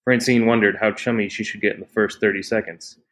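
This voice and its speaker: Brief: a man reading fiction aloud, low voice, steady and measured. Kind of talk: novel reading.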